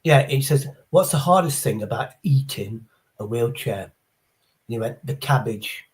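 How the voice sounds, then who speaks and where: A man's voice: mid-range voice, lively intonation, moderate pace, darkish tone. A middle-aged man, chatting casually on a livestream as the host, blunt, sweary and rambling. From England. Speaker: streamer. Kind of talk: casual chat. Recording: faint background noise.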